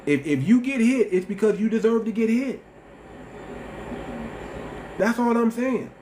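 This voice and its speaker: This livestream host is a man with a very high voice and a slight lisp who talks unhurriedly. He's blunt and repetitive, with animated, slang-heavy delivery. Background noise runs underneath.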